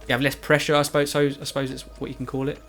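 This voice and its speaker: Over soft background music, a man with a medium-pitched, slightly bright voice races through flat-delivered commentary on his own recorded gameplay. As a Let's Play commentator he's chatty and rambling, joking at his own expense.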